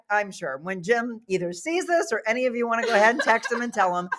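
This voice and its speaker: A woman hosting a live talk show, telling a story in a lively way and laughing often. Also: on the high side, fast, few pauses, slight background noise. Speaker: host.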